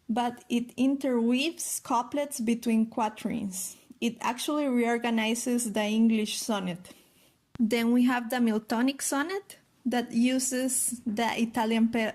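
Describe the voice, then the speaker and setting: A woman's voice: on the high side, fairly even intonation, takes it slowly, a little mellow. A woman giving a poetry lesson in a careful, methodical way, spelling out rhyme schemes.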